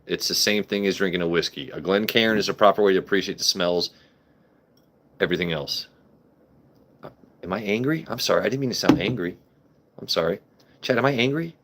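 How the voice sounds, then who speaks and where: A man's voice: deep voice, fairly quick, fairly bright tone. A young man hosting a casual phone live stream, joking, swearing and talking back to his viewers' comments. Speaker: livestream host. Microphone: phone camera.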